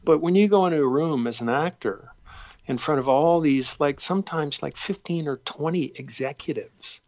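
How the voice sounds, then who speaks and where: Gravelly-voiced actor telling anecdotes. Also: male voice, a little high, no room sound, highs cut off. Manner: warm, self-deprecating, halting with many fillers. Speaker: guest actor. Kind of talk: interview, storytelling.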